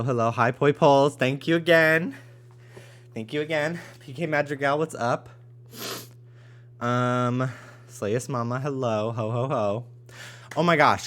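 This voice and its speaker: Slow-talking rambling male streamer. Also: mid-range voice. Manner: rambling, filler-heavy, greets viewers by name. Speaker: live-stream host. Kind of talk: casual chat with viewers. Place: home apartment.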